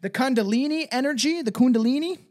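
Male podcast host, high voice, casual, swears a lot, stumbles reading aloud. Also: fast, a little mellow. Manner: swears often, laughs and stumbles while reading.

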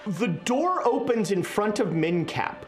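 A woman running a tabletop horror game as game master, narrating scenes in a descriptive, unhurried way and laughing often. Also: medium pitch, big pitch swings, soft background music.

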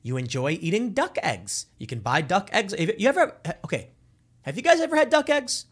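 A man's voice: high-pitched, very animated, normal speed, fairly bright tone. A man talking casually and jokingly, giving his opinions and acting out quoted voices.

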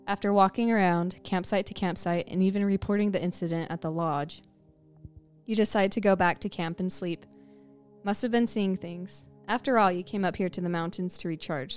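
A woman co-hosts a podcast and reads an eerie lake legend. She speaks in a low voice and sets the scene by addressing the listener as "you." Faint music plays underneath. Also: darkish tone. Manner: second-person scene-setting, leading the listener. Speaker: podcast co-host. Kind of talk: scripted spooky storytelling.

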